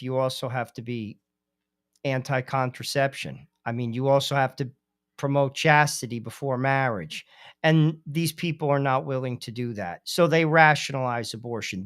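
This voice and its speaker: A man co-hosting a talk show, speaking in a measured, hedging way with frequent fillers. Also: medium pitch, a bit bright, no room sound, clean studio sound. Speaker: co-host. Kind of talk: political talk show discussion.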